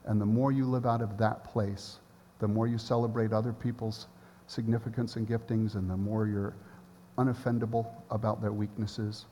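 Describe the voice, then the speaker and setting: A male pastor preaching a sermon, telling a personal story and sinking into a soft, hushed prayer. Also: lowish voice, flat delivery, moderate pace, a little hiss or hum. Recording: long hall reverb.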